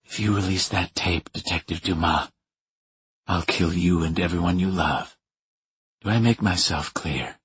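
A man's voice: moderate pace, husky, dry recording, heavily acted. A man doing a harsh, menacing schemer. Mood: threatening. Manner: low, harsh, through gritted teeth. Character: cornered middle-aged man, menacing and smug. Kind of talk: audiobook character voice.

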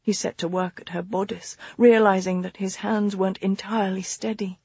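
A woman reading a book aloud as a narrator, in a hushed delivery that often drops into whispers. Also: medium pitch, level tone, normal speed, slightly rough, dry recording. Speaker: audiobook narrator. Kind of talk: scripted narration.

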